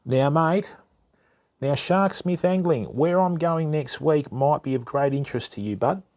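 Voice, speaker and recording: A man's voice: fairly high pitch, a little slow, darkish tone. Chatty Australian man hosting a live stream. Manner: chatty, calls everyone mate and bud, lots of ums. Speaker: fishing channel host. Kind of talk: casual live stream chat with viewers.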